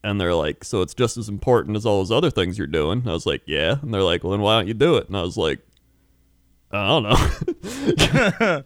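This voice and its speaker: A man's voice: on the low side, lively intonation, fast talker, few pauses, no echo, clean studio sound. A man co-hosting a casual podcast chat, rambling through stories and laughing often. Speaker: podcast co-host.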